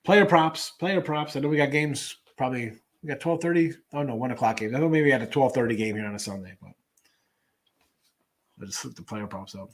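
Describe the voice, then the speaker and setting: Rambling middle-aged sports betting host. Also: male voice, medium pitch, brisk. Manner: rambling, conversational, many fillers and restarts. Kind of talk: casual sports betting talk.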